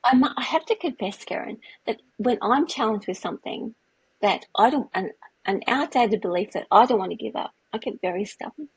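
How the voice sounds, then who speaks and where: A woman co-hosting a podcast in casual chat, reflective and quick to agree. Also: a little high, husky, no room sound, low-quality recording. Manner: reflective, agrees often with "yeah". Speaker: podcast co-host.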